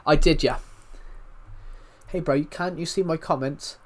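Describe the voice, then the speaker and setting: A British man streaming live and chatting with viewers, talking calmly with frequent restarts, his voice thick from being slightly ill. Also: on the high side, measured pace. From United Kingdom. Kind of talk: casual live stream chat.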